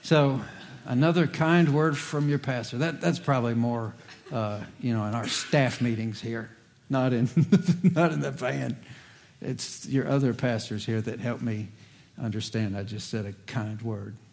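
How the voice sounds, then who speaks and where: A man's voice: mid-range voice, fairly even intonation, unhurried, creaky, darkish tone, a little hiss or hum. A man, a pastor, giving a conversational sermon with folksy asides and light humor.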